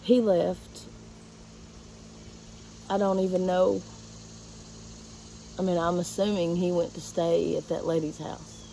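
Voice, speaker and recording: A woman, a teacher, telling a painful personal story to her viewers in a halting, emotional way. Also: on the low side, flat delivery, gravelly, dark tone, a little hiss or hum, poor audio.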